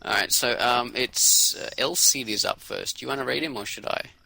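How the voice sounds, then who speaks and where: A man co-hosting a podcast in casual chat over a call, relaxed and hesitant. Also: medium pitch, normal speed, vocal fry, background noise. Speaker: podcast co-host.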